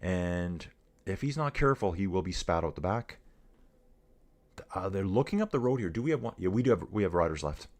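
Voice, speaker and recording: A middle-aged man giving casual live commentary on a bike race, chatty and energetic, calling his viewers dudes and guys. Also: deep voice, fairly quick.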